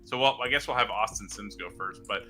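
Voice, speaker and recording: A man's voice: fairly low pitch, sharp tone, soft background music. A man hosting a debate livestream, talking casually with many fillers and restarts. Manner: halting, filler-heavy, repeats words. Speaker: stream host and moderator.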